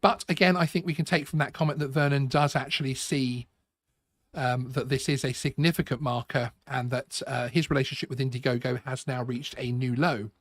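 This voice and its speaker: A man's voice: mid-range voice, fairly even intonation, a bit bright, no echo. A man hosting a live stream, talking casually with many restarts and a sarcastic edge. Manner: halting, repeats words, sarcastic. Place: home studio.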